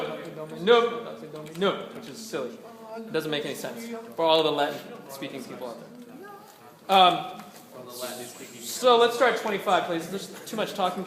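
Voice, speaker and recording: A man running a choir rehearsal, giving brisk directions, counting in and singing lines to show the way. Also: on the high side. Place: rehearsal room. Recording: echoey room with choir singing.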